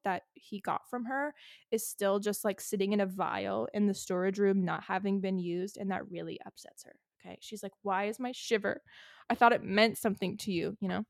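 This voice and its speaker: A woman co-hosting a podcast recaps a book in casual, chatty conversation, leaning heavily on "like" as a filler. Her mid-range voice comes through in clean studio sound with no echo.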